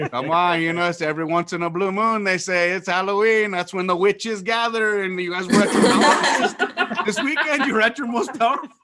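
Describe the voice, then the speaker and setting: A man, doing loud, profane stand-up on a video call and laughing through his stories. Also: high-pitched, moderate pace, noisy background. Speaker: comedian.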